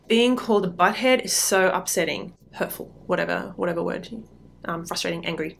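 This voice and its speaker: A middle-aged woman hosting a parenting podcast, giving advice in a relaxed, conversational way with frequent ums. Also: medium pitch, quick pace, vocal fry. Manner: conversational, frequent ums, acts out quoted lines. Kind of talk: casual advice talk. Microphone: podcast mic.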